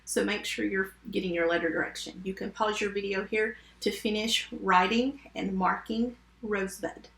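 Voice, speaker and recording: A woman teaching a first grade phonics lesson remotely, sounding out words slowly and giving patient step-by-step instructions. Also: mid-range voice, steady tone, gravelly, fairly bright tone, reverberant.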